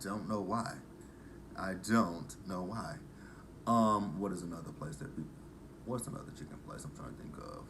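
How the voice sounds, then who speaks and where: A man's voice: low-pitched, animated, normal speed, noisy background. A man, casually recapping a TV episode in a rambling, profane way that drifts into tangents. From Texas. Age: 30s. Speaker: TV episode reviewer.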